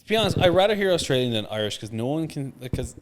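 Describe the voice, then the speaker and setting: A man's voice: on the high side, sing-song, fast, noisy background. A man co-hosting a gaming podcast, chatting casually with lots of enthusiasm and frequent swearing. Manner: enthusiastic, swears often, jumps between topics. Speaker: podcast co-host. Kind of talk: casual chat.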